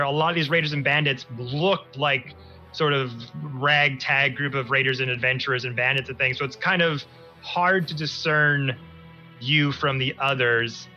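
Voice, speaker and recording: A man's voice: on the high side, bright, forceful tone, dull audio. A man running a tabletop game as game master, narrating in a casual style with plenty of fillers.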